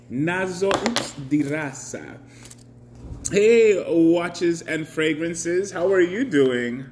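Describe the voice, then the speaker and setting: A man's voice: on the high side, a little mellow, slight background noise. A man hosting a casual live stream, chatty, greeting viewers by name and laughing often.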